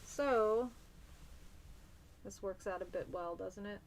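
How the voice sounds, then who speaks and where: Speaking slowly in a medium pitch, a New Zealand woman chats with her livestream audience and responds to their comments. There's a little background noise, and her talk is friendly but halting, full of ums and false starts.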